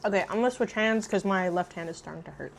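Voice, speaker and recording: A young woman chatting casually while eating on camera, loud and profane, jumping between shrieks and low mutters. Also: fast talker, vocal fry, a little hiss or hum. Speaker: mukbang vlogger. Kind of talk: casual eating vlog chat.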